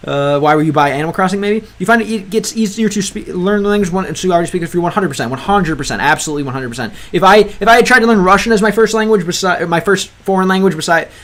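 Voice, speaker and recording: Casual streamer man with a slightly high voice, halting, filler-heavy delivery, slipping into learner Russian. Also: a bit bright. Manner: halting, fills gaps with many ums and uhs; slips between English and learner Russian. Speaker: livestream host reading chat. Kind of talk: casual livestream chat.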